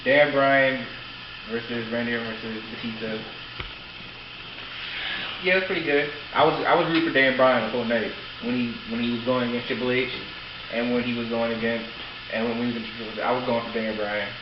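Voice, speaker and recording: A man co-hosting as the son, talking in a halting, hesitant way. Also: medium pitch, fairly even intonation. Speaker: co-host, son. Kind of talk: casual chat. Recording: echoey dull room with noise.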